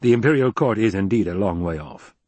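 A man's voice: lowish voice, animated, fairly quick, a little mellow, breathy edge, dry recording. A man voicing a stiff, guarded male planetologist in an audiobook, speaking in a curt, clipped way. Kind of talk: audiobook character reading.

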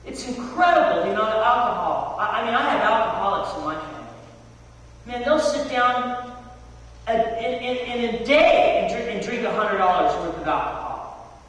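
A man's voice: very high-pitched, lively intonation, normal speed, fairly bright tone. A man preaching a sermon as pastor, telling stories with casual slang and rhetorical questions. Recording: echoey hall from far off, faint noise.

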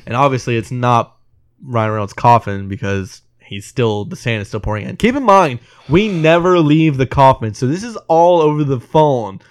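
An emotional man co-hosting a casual movie podcast, choking up as he retells the ending and acts out the characters' lines. His voice is smooth and clear at an ordinary pitch. It is recorded close and dry, with no room echo. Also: expressive, moderate pace. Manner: emotional, retells scenes acting out quotes, swears. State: teary. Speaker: podcast co-host. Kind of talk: casual movie review chat.

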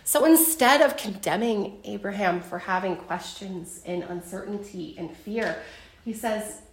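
Speaking a little slowly in a mid-range voice, a young Bible study teacher leads a relaxed lesson for her group. Her talk is chatty, packed with fillers and vivid storytelling, and the room gives it a noticeable echo.

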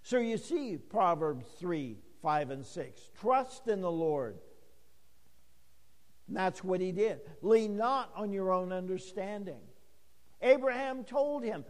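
An older man delivers a sermon in a high, unhurried voice, acting out bits of dialogue in a folksy storytelling way. His words ring out with a long reverb trailing behind them. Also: sing-song. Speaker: pastor.

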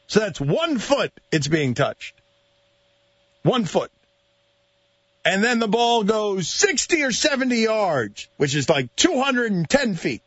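A man with a notably high voice hosts a sports radio show in loose, casual banter. He stumbles over his words and pokes fun at himself. The sound is dry and a bit dull, like a lo-fi broadcast. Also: sing-song, takes it slowly, fairly bright tone, breathy edge, no room sound. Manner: self-deprecating, stammering, laughs often.

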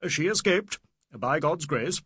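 A man's voice: fairly high pitch, animated, takes it slowly, pushed and bright, husky, no echo, clean studio sound, voice pushed up, full character voice. A man voicing a grave, shaken older male colonial official who speaks with solemn intensity. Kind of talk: audiobook character voice.

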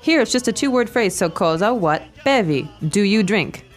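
A woman hosting a language lesson podcast, explaining phrases slowly and repeating them. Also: mid-range voice, animated, faint music behind.

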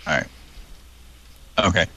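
A man's voice: measured pace, sharp tone, dry recording, lo-fi sound. A man hosting a live prank call show, chatting casually in a joking, self-mocking way. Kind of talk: casual chat.

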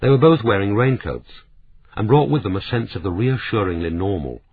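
Male audiobook narrator, deep voice, husky tone, tinny narrow-band recording. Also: lively intonation, a little fast, no room sound.

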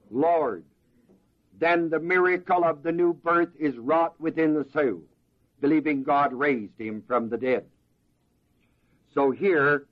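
A man preaching a slow, deliberate verse-by-verse sermon as pastor, pausing to ask the congregation to fill in words. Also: fairly high pitch, lo-fi sound.

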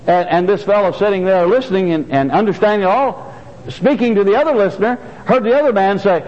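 An older male pastor preaches with a high, swooping voice that rises and falls freely. He hammers home key phrases by repeating them. The sound is dull and lo-fi, with a long reverb trailing through a church hall. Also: animated, a little fast. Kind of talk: sermon. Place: church sanctuary.

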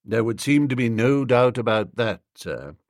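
Guy doing a stiff polite valet, calm and formal, lively pitch at times. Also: no echo, studio quality, lightly acted. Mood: deferential. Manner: formal, measured, unflappable. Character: grave, deferential male valet, middle-aged.

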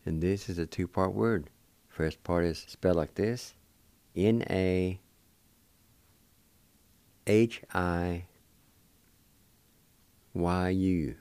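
A man's voice: low-pitched, fairly even intonation, darkish tone, smooth, no room sound. An older man hosting a radio show, patiently spelling and sounding out words syllable by syllable. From Cherokee Nation, Oklahoma. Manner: slow, patient, repeats each syllable. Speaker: radio host teaching Cherokee words. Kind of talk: slow spelled-out language lesson.

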